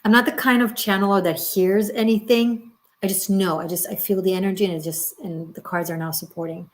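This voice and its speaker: Woman giving a halting, gentle tarot reading. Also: medium pitch, steady tone. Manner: rambling, halting, with many fillers and restarts; gentle and reassuring. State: emotional, near tears. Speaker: tarot reader. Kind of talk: live-streamed tarot reading.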